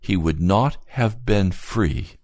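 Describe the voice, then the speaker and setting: A man preaching a sermon earnestly and emphatically, repeating key phrases and moving between low, grave passages and raised, urgent ones. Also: animated, slow, a little mellow, no room sound, studio quality.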